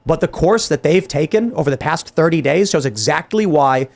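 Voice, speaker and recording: Exasperated male podcast host, high-ish voice. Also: normal speed, creaky. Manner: animated, exasperated, frequent restarts and quoted dialogue. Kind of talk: heated political commentary.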